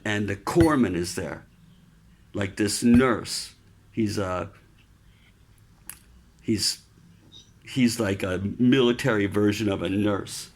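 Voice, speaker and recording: A man telling a casual story about his Navy days, loose and relaxed, dropping in swear words and "man". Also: fairly low pitch. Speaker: podcast storyteller, Navy veteran.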